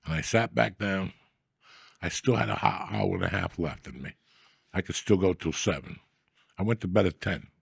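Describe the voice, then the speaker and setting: A man with a low, gravelly, husky voice holds forth as a comedy podcast host. He rambles from one profane story to the next in loose, crude banter. The sound is close and dry, with no room behind him. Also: sing-song, normal speed, long pauses, no echo.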